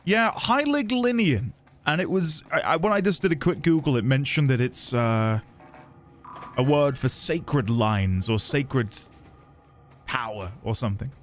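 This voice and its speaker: Lively man streaming a game. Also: mid-range voice, a little slow, slight background noise. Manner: chatty, thinking aloud and chatting with viewers. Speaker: streamer playing a video game. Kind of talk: casual live-stream commentary.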